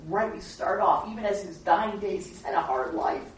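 A Bible study teacher leads a group in a casual, animated way and keeps asking them questions. The voice sits at a middle pitch and carries a strong room echo. It is picked up from a distance with a muffled, dull tone and faint background hiss. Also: moderate pace. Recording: very echoey room, distant mic, dull sound.

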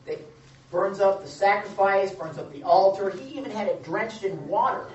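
Man preaching, lively joking delivery, acts out quotes, roomy echo, heard from a distance, dull lo-fi sound. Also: sits high, moderate pace, a little hiss or hum. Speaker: pastor. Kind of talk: sermon. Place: church or meeting room with a live audience.

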